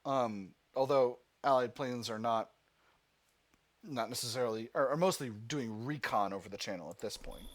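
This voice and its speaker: A man's voice: medium pitch, normal speed. A man hosting a gaming video, reading the game's text aloud and thinking through his choices with fillers and restarts. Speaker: gaming channel host. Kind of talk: let's play commentary, reading game text aloud.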